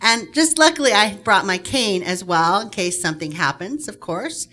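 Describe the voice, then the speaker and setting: A woman's voice: mid-range voice, normal speed. A woman telling a personal story to an audience, with frequent fillers. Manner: many fillers, lively telling.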